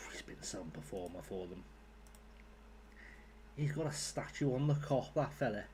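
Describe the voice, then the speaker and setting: A man's voice: fairly low pitch, lively intonation, a little slow, darkish tone, slight background noise. A young man streaming a game, chatting casually with his viewers, rambling, joking and swearing freely. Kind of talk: casual live-stream chat.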